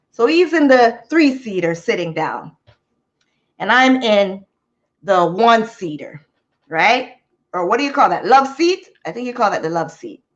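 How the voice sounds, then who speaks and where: A woman's voice: medium pitch, muffled recording. A woman telling a rambling story to her live chat in a chatty way, laughing easily. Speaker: vlogger.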